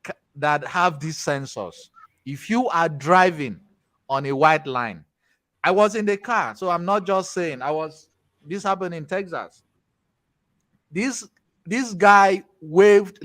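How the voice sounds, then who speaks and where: A man from Nigeria with a Nigerian accent, teaching a tech class in a chatty, animated way with pidgin asides. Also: fairly high pitch, dry recording. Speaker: tech instructor. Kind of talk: casual class talk with storytelling.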